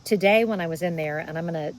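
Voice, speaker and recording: A middle-aged woman talks to her viewers in a relaxed, chatty way. Her voice sits a little low, and a faint hum of background noise runs under it. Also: quick pace, rough recording. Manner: chatty, warm-hearted, emotional in places. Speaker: vlogger. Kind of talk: casual talk to camera.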